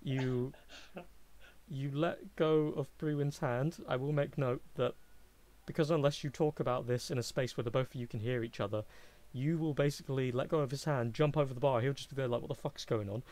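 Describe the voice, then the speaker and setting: A man narrates as game master for a streamed tabletop game. His delivery is casual and relaxed, at an ordinary pitch. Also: a little fast.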